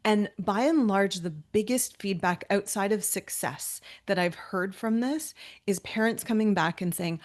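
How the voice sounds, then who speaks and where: A woman's voice: medium pitch, measured pace. Upbeat woman hosting a health webinar. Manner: upbeat, frequent "yeah" affirmations, practical coaching tone. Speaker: webinar host. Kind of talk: conversational webinar, moderating questions.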